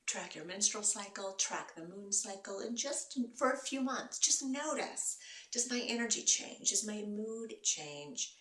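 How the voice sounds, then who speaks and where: A woman host and wellness coach giving gentle, encouraging advice to her viewers. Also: mid-range voice. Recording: roomy echo, voice from a distance.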